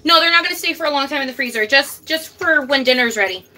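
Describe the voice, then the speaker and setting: A young woman chatting casually while she cooks for her vlog, loud, profane and dramatic, swinging between high outbursts and low mutters. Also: expressive, fast. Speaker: vlogger. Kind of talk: casual cooking vlog chat.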